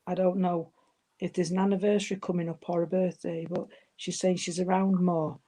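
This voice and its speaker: A woman's voice: lowish voice, flat delivery, a little fast, dark tone. A woman giving a live mediumship reading, hesitant and affectionate, calling her listeners darling. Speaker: spiritual medium.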